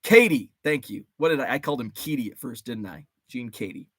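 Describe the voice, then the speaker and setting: A man's voice: mid-range voice, lively intonation, a little fast, fairly bright tone, husky, no echo, studio quality. A man around forty hosting a casual livestream, rambling through memories, greeting chat viewers by name and swearing mildly. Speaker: host.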